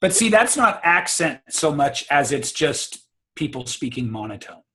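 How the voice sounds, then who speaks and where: Male speaking coach, emphatic, slightly higher voice, on a call. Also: sing-song, moderate pace, background noise. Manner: confident, emphatic, repeats words. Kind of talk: casual advice on a video call.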